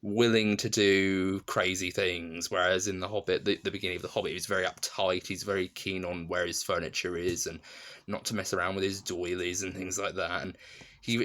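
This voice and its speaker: A man with a deep, low-pitched voice talks through a film review in a loose, casual way. He restarts sentences often and leans on fillers as he goes. He sounds fond and enthusiastic about the film. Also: fairly bright tone. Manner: rambling, many restarts and "you know" fillers.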